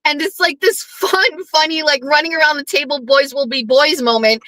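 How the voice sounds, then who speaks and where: High, bright-voiced woman host. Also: moderate pace, no echo, low-quality recording. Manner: animated storyteller who acts out quoted lines, blunt and profane. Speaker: podcast host. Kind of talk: casual commentary monologue.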